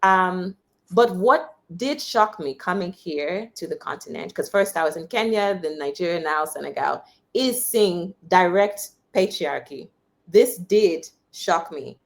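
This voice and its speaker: A woman's voice: on the low side, measured pace. A young woman from the United States talks as an interview guest, a journalist recounting her own experiences. She is candid and conversational, and she brings the story alive by acting out what others said. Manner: animated storyteller, quotes others with raised voice.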